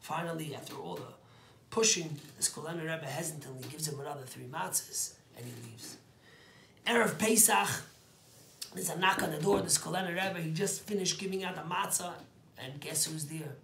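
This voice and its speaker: A man, a rabbi, telling a story as a sermon, dropping to hushed whispers and rising to loud, emphatic bursts. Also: a little high, normal speed, gravelly, reverberant, a little hiss or hum.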